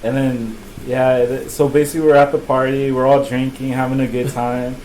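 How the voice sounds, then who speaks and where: A man's voice: medium pitch, level tone, normal speed, a little mellow, slight background noise, low-quality recording. A young man hosting a podcast, telling a rambling, profane story full of laughter and "bro.". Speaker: podcast host. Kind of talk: casual storytelling chat.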